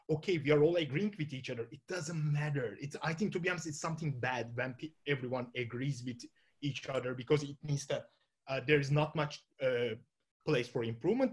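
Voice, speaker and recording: A man with a Turkish accent giving an informal talk to an audience, thinking aloud and often restarting his sentences with fillers. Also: a little high. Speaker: conference speaker.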